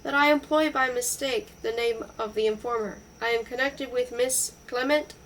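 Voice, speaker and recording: A stiff, overly formal foreign professor speaks with a foreign accent, as a woman reads him aloud. His phrasing is stilted and correct, the voice set fairly high. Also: steady tone, moderate pace, a bit bright, a little hiss or hum, lightly acted, poor audio. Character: formal, awkward foreign male professor on the phone.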